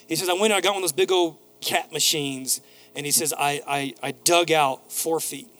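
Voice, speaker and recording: A man's voice: a little high, steady tone, normal speed, a bit bright, soft background music. A man preaching a sermon as pastor, building to emphatic repeated phrases and telling a neighbor's story in a casual voice. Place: church sanctuary.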